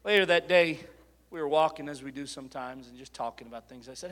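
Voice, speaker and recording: A middle-aged male preacher delivering a sermon, moving between quiet personal storytelling and loud, impassioned exhortation. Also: a little high, fast talker.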